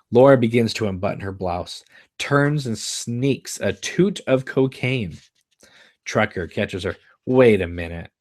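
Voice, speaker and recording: A man hosting a show, reading out the stage directions of a screenplay live in a measured, flat manner. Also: fairly low pitch, no echo, studio quality. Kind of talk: live screenplay read-through.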